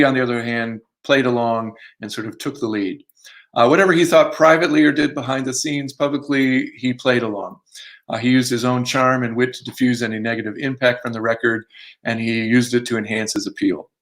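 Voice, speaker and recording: Male author, mid-pitched, reads his book live online, dry self-mocking asides, many fillers. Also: a bit bright. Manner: academic, self-deprecating asides, frequent uh fillers. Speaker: author giving a book reading.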